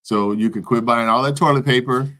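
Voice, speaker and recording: A middle-aged man co-hosting a casual faith and news chat, a lively storyteller whose voice jumps up when he quotes people. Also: medium pitch, fairly quick. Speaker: co-host of a weekly faith and news show.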